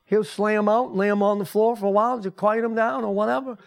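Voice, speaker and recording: A man's voice: high voice, steady tone, fast, creaky. An older man, a pastor and grandfather, preaching a folksy, conversational sermon to his congregation in a church. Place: church sanctuary.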